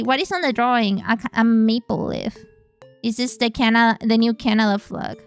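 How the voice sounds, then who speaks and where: A woman's voice: fairly high pitch, normal speed, clear, resonant tone, soft background music. A woman streamer who speaks natively, chatting casually and playfully on a live stream, swearing freely as she goes.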